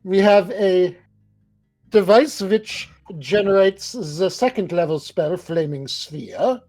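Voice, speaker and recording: A man playing a tabletop game, chatty and quick with joking asides. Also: sits high, darkish tone, faint music behind. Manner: chatty, quick, laughing asides, stammering restarts. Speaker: player. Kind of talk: casual tabletop play.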